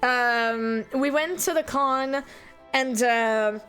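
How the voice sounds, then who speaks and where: A woman's voice: sits high, very slow, fairly bright tone, faint music behind. A young adult woman streaming and chatting casually, rambling and giggling often while teary and emotional. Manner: giggly, rambling, self-deprecating.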